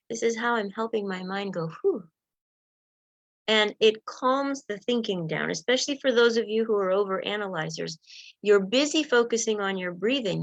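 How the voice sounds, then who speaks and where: A woman coaching listeners through self-help steps and breathing exercises in a gentle, encouraging way. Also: mid-range voice, no room sound. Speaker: wellness coach. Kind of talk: guided self-help talk.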